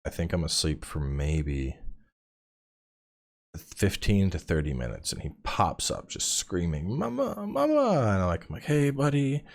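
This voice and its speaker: A man's voice: very deep voice, measured pace. A man in his thirties, a podcast guest and game streamer, chatting casually and acting out voices in his stories, swearing freely. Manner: animated storytelling, acts out quotes, swears casually. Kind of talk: casual chat.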